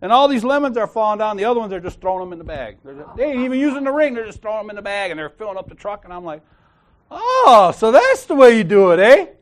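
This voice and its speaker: Man, high voice, very lively pitch, casual church-group talk, laughing, slangy. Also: rapid-fire, hardly any pauses. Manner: animated, laughing, slangy storyteller. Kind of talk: casual storytelling and Bible discussion.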